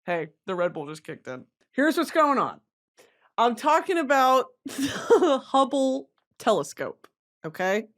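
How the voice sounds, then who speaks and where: A young adult woman hosting a comedy podcast, talking in a goofy, animated way and slipping into shrill character bits. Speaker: podcast host.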